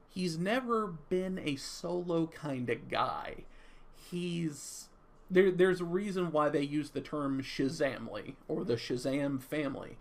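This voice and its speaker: A man's voice: a little high, expressive, unhurried, vocal fry. A young man giving an off-the-cuff movie review in a chatty, rambling way, stammering now and then.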